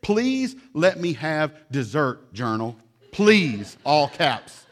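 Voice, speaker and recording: A man's voice: on the high side, very animated, takes it slowly. A man voicing a young child reading a dramatic journal entry, whining and pleading about dessert. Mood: whiny. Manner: pleading, melodramatic sing-song.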